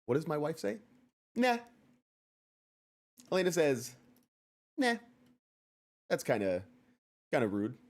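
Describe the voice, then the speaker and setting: A man's voice: fairly high pitch, sing-song, a little fast, darkish tone. A young man streaming a game, chatting casually with his viewers, joking around and reading out chat messages in silly voices. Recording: faint music behind.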